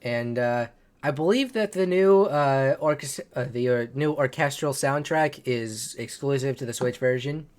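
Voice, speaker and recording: A man's voice: medium pitch, a little slow, a little mellow. A man hosting a casual game-news podcast, rambling and correcting himself as he goes. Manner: rambling, self-correcting, chuckles at own slips. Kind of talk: casual chat.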